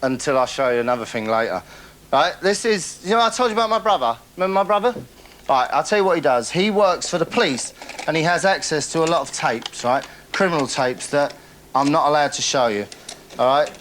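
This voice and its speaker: A man's voice: fairly high pitch, lively intonation, a little fast, a bit bright, slight background noise. A man hosting a comic monologue, boastful and rambling, chuckling at his own stories. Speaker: comedy character host.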